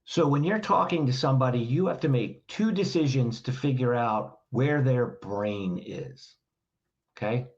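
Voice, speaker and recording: A man's voice: mid-range voice, a little slow. Man explaining plainly on a dull line. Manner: direct, instructive, asks rhetorical questions. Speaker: communication trainer, guest. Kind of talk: explanatory podcast conversation.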